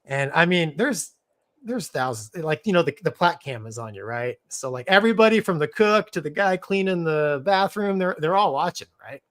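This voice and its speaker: A middle-aged man, a former Navy fighter pilot co-hosting a live show, tells a casual story. He keeps it animated, laughs mid-sentence and leans on "man" and "dude". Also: fairly high pitch, normal speed.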